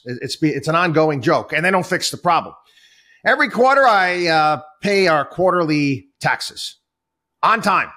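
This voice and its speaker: A man's voice: on the high side, bright, forceful tone. A middle-aged man hosting a finance talk show, delivering opinionated solo commentary with exasperated, emphatic repetition. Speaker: show host.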